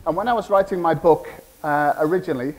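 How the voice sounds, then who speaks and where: A man in his forties with a Cumbrian English accent speaks in a fairly high voice to a conference audience. He talks in a conversational way and keeps asking the room questions. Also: fast talker, low-quality recording. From England. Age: 40s. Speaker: keynote speaker. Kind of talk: conference keynote speech. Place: conference hall.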